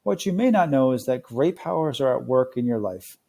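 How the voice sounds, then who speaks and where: A man's voice: medium pitch, lively intonation, normal speed, creaky, breathy edge. A man voicing a kindly old teacher. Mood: gentle. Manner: gentle, explaining. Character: kindly older male teacher, patient.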